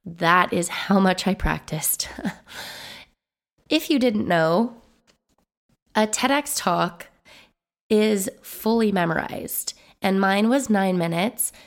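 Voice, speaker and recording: This woman hosts her own podcast alone, speaking at an unhurried pace. Her voice is slightly hoarse and still recovering. She stays upbeat and conversational and rolls through long lists of points. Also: medium pitch. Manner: upbeat and chatty, lists things in quick runs. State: hoarse, voice not fully recovered. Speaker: podcast host and business coach. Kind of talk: solo podcast monologue.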